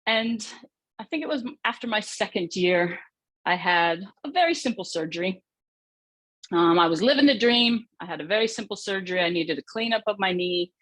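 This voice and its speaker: A woman delivers a motivational keynote in an earnest, reflective voice. Her pitch sits in an ordinary middle range. The sound is dry and close, with no room around it. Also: lively intonation, moderate pace, a bit bright, no room sound. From United States. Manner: earnest, reflective storytelling with rhetorical questions. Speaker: conference speaker, former footballer.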